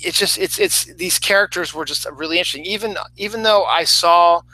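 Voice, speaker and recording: A man's voice: high voice, a little fast, sharp tone, poor audio. A man giving a casual, rambling film review, full of fillers and restarts.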